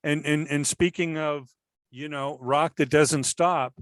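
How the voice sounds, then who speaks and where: A man's voice: fairly high pitch, steady tone, slow pace, no room sound. A man hosting a casual music interview, asking long, rambling questions full of filler phrases.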